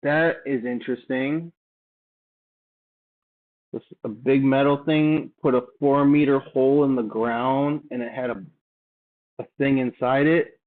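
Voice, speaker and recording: A man reading old documents aloud and adding offhand, halting remarks as he thinks aloud. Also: medium pitch, steady tone. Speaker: channel host. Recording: tinny phone-like sound.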